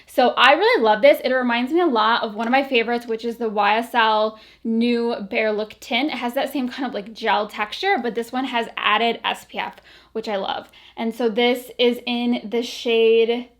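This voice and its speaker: A woman's voice: a little high, fairly even intonation, moderate pace. A woman vlogging casually about beauty products, chatty and full of fillers, a little out of breath. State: a bit out of breath.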